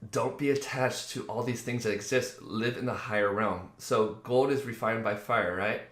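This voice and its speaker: A man's voice: medium pitch, fairly bright tone. A man hosting a casual spiritual talk, rambling and acting out the voices he quotes, with many fillers. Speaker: spiritual video host. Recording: roomy echo.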